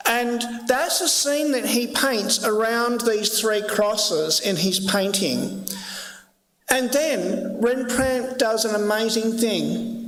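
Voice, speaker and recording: A pastor preaches a sermon in a church sanctuary, earnest and emphatic and repeating himself a lot. His voice sits high and is fairly bright, and he speaks slowly. Echoey church-hall reverb surrounds him.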